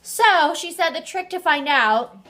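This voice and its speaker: A young adult woman vlogging in a casual, chatty way, telling her story with animated energy and the odd swear word. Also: very high voice, unhurried. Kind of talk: casual chat.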